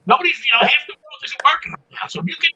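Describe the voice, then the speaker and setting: A man's voice: very high-pitched, racing, bright, forceful tone, rough recording. A man, a guest chef on a video call, talking in an earnest, persuasive way and often repeating himself. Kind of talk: casual chat on a video call.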